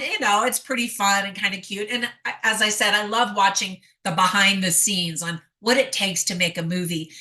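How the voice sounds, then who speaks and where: A middle-aged woman talks through a movie review in a bright, clear voice. She is chatty and laughs easily, reading out favorite lines of dialogue with relish. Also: mid-range voice. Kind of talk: casual spoken review.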